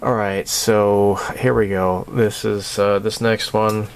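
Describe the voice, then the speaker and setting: Man, lowish voice, casual channel update, rambling, sarcastic, laughs a lot. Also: little pitch movement, takes it slowly, creaky, a little hiss or hum. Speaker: channel host.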